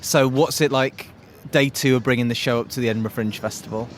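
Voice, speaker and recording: A man hosts a podcast and also interviews guests, speaking in a casual, enthusiastic way. His voice sits at an everyday pitch for a man. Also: steady tone, a little fast, slight background noise. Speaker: podcast host.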